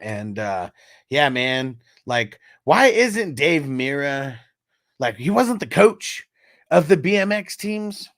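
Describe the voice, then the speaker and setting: A man's voice: on the high side, slow pace, no echo, studio quality. A man hosting a casual fantasy football livestream, joking and swearing as he reads chat comments aloud. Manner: animated, profane, laughs often while reading chat aloud. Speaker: fantasy football show host. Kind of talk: casual livestream sports talk.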